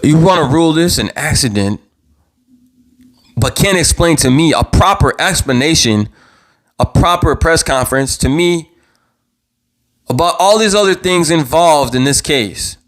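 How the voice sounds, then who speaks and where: A man hosts his own live talk stream in a heated, passionate rant. His voice sits a bit high for a man, and he keeps doubling back on words and swearing as he works himself up. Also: lively intonation, measured pace, pauses often. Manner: worked up, repeats himself, swears. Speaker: show host. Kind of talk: impassioned live commentary. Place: own channel livestream.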